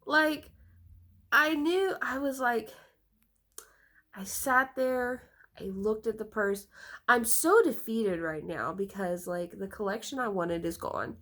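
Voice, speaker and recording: A woman's voice: on the high side, animated, slow pace, a bit bright. A woman telling a casual storytime vlog, rambling with many fillers and slightly congested from a cold. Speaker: storytime vlogger.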